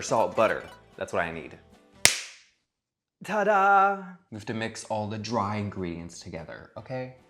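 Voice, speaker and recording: A man's voice: on the low side, fairly bright tone. A man hosting a comedic cooking vlog in his home kitchen, sarcastic and profane, with theatrical asides. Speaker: cooking vlogger. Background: faint music.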